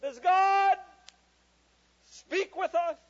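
A man's voice: very high-pitched, highs cut off, voice pushed up, exaggerated voice. A man voicing a pompous little girl who asks religious questions at bedtime, in a stand-up story. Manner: pompous, drawn-out.

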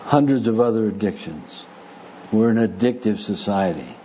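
A man preaching a sermon to a live audience, speaking deliberately with dry humor. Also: fairly low pitch, expressive, warm tone. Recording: muffled recording with faint noise.

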